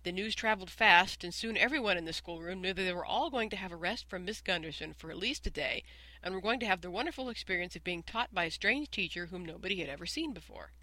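An audiobook narrator reading a children's story in an even, measured way. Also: mid-range voice, no echo, poor audio. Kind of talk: scripted narration.

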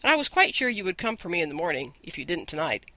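A man's voice: a little high, very animated, fast talker, bright, forceful tone, dry recording, full character voice, poor audio. A man voicing an eager, imaginative eleven-year-old orphan girl who chatters on breathlessly in an audiobook. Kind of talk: audiobook character voice.

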